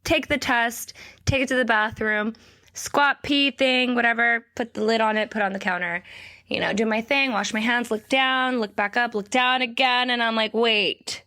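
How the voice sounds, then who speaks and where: Candid woman telling a story, fairly high. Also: fairly even intonation, normal speed, pushed and bright. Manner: candid, blunt storytelling with frequent laughter. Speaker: podcast co-host. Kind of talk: casual chat.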